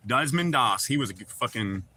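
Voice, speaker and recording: A man's voice: medium pitch, animated, brisk, sharp tone, husky. A man hosting a livestream, chatting casually and profanely with viewers and joking around. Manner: profane, joking, talks back to chat. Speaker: livestream host.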